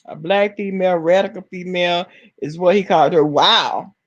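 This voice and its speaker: A woman from Alabama with a Southern accent, chatting casually to her live-stream viewers and reading their comments, sassy and quick to laugh. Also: on the low side, dull audio. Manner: sassy, talks straight to chat, laughs often. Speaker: vlogger reading live chat.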